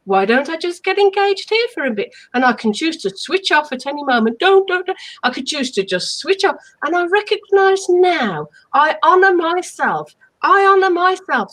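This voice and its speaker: A woman's voice: high-pitched, rough recording. A woman co-hosting a self-help live stream, speaking in an emphatic, affirming way over a video call. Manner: emphatic, affirming, animated delivery.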